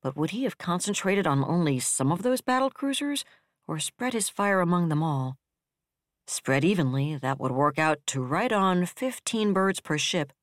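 An audiobook narrator reading military science fiction in a steady, even storytelling manner. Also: mid-range voice, dry recording, clean studio sound.

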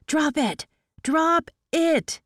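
A commanding female federal agent, voiced by a woman reading aloud, speaking in a careful, official way and rising to sharp, high orders. The reading is a dry audiobook recording. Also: drawn-out words, no room sound. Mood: shouting.

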